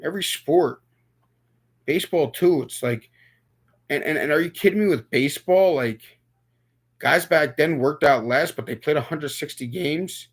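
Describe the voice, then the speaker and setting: A man's voice: a little high, normal speed, husky. Rambling young man chatting to a live chat. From New York. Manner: rambling, repeats words, talks to chat viewers. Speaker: livestream host. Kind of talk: casual live-stream chat.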